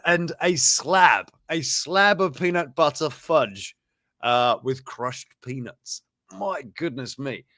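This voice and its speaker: A man's voice: fairly high pitch, pushed and bright, dry recording, clean studio sound. A man hosting a show, rambling through news items in casual commentary, chuckling and breaking off mid-sentence. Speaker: show host.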